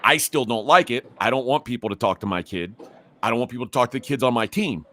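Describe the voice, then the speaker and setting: A man's voice: medium pitch, fast talker, fairly bright tone. A middle-aged man hosting a podcast, telling a rambling story with many restarts and growing heated. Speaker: podcast host. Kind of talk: casual storytelling.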